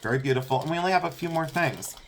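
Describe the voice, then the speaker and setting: A man's voice: fairly high pitch, a little hiss or hum. A man hosting a vintage jewelry sale preview, chatting enthusiastically and telling a rambling story. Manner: chatty, enthusiastic, talks fast and repeats himself. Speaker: host selling vintage jewelry. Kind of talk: casual live-sale chat and storytelling.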